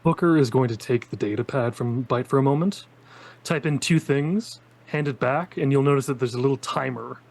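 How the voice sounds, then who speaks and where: A man with a husky, slightly breathy voice, calmly describing his character's actions in a tabletop roleplaying game. His delivery is dry and matter-of-fact, with small self-corrections. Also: medium pitch, normal speed. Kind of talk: casual narration of a character.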